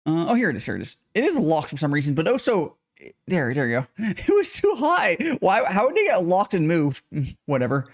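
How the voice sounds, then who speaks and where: A man's voice: fairly high pitch, very animated, fairly quick. A man chatting casually on a livestream while brewing tea, rambling, greeting viewers and swearing offhandedly. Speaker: streamer brewing tea live.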